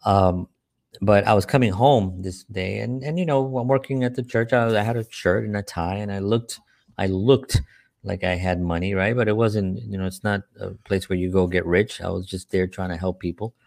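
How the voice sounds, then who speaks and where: A man who works with a church tells earnest, rambling personal stories, full of rhetorical questions. His voice is low, creaky and darkish at a normal speed, with no room sound in the recording.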